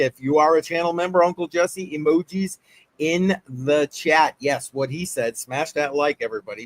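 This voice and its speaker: Casual male livestream host, chatty and upbeat, lots of "uh"s, mid-pitched. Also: no room sound. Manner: rambling, upbeat shout-outs with many fillers.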